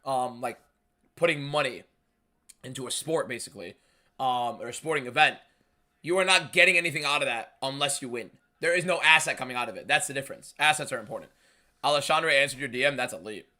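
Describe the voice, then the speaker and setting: Loud, emphatic young male streamer. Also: medium pitch, fairly quick. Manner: emphatic and shouty, reading viewer messages aloud. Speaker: live streamer hosting a fight watchalong. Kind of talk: live stream chat and fight commentary.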